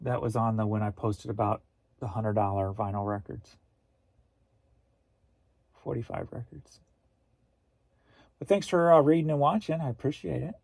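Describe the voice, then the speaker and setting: A middle-aged man from Missouri talks to his viewers in an easygoing, rambling way, stopping to read their comments aloud. His voice sounds mellow and dark. The sound is dry and close, with hardly any room around it. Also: medium pitch, moderate pace, vocal fry, long pauses, no room sound. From Missouri, USA. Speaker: host. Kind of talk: casual livestream chat.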